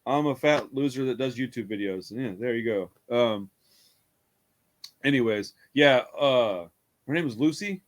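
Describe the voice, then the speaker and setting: This podcast co-host has a medium-pitched voice and takes his time. Reviewing a horror film, he recounts it in a loose, wandering way, often laughing and cursing without restraint.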